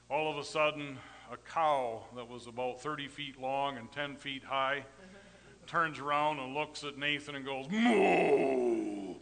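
A middle-aged man preaching a storytelling sermon, folksy and rambling, with sudden swings between loud emphasis and quiet asides. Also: mid-range voice, in a large hall. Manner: folksy, rambling anecdotes with tag questions.

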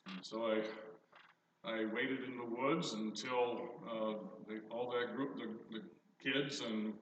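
An older man preaching a sermon, reading scripture and telling stories in an animated, emphatic way. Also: mid-range voice, slow, muffled recording. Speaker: pastor. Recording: echoey hall from far off, faint noise.

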